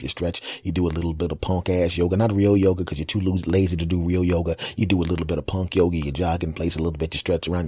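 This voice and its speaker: A man in his forties hosting a podcast, delivering a profane, animated comedic monologue. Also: deep voice, breathy edge, dry recording. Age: 40s. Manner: animated, profane ranting storyteller. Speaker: podcast host.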